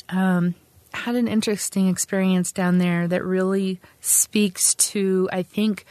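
A woman's voice: mid-range voice, dry recording. A middle-aged woman, an Army sergeant, telling her own story in an earnest, conversational way with frequent restarts. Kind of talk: personal storytelling.

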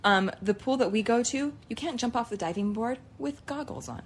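A woman co-hosting a podcast in casual chat, chatty and quick to react. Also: on the high side, breathy edge. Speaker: podcast co-host.

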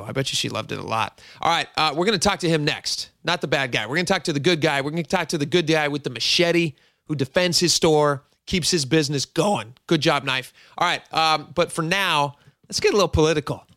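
A man's voice: a little high, fairly quick, fairly bright tone, dry recording. A man hosting a talk radio show on a studio microphone, chatty and jokingly self-mocking.

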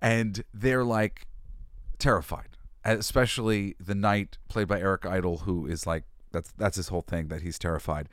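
A man's voice: low-pitched, fairly even intonation, moderate pace, dry recording. A man hosting a show, telling a story casually with a lot of animation, laughing often and swearing freely. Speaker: host.

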